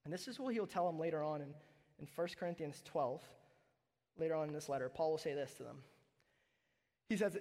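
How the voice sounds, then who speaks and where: A man's voice: on the high side, brisk, long pauses, darkish tone. A man preaching a sermon as pastor, conversational and emphatic, often asking "right?" as he talks. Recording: reverberant hall.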